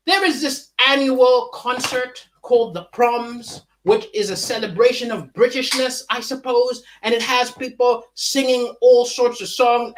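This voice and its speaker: A man doing a livestreamed stand-up comedy monologue from home. He talks in an animated way, with big swings in pitch and chuckles between jokes. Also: a little hiss or hum.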